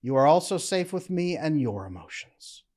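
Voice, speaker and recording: A man speaks as a relationship coach in a calm, measured way. He breaks his points into short emphatic phrases, and his pitch rises and falls a lot. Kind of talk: motivational talk to camera.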